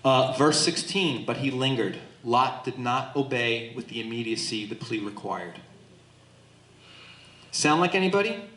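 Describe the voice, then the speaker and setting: A man leading a Bible study as pastor, teaching in an animated way and acting out the voices in the text to his group. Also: mid-range voice, unhurried, slight background noise. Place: church hall with a small group. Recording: echoey room.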